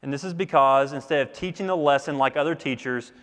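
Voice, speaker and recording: A man's voice: on the high side, fairly quick, fairly bright tone, in a large hall. A man preaching a sermon in an earnest, emphatic way, repeating key phrases for weight. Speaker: pastor.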